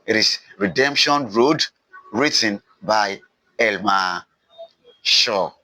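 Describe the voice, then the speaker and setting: A man's voice: on the low side, slow pace, bright, forceful tone, no echo, poor audio. A man teaching a recorded literature lesson, repeating key points with emphasis and answering his own questions. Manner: repetitive, emphatic, asks questions and answers them himself.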